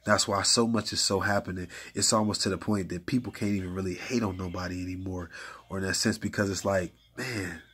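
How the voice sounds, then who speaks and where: Man, low husky voice, casual faith talk that turns animated in stories. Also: brisk. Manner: conversational, uses many fillers like "you know what I'm saying"; gets animated and hyped when retelling stories. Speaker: faith speaker. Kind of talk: casual spoken encouragement about faith.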